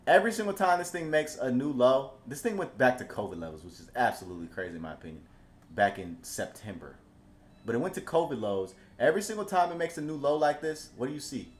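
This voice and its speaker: A man giving casual stock market commentary over charts, swinging from calm explanation to excited hype and often repeating himself. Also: mid-range voice.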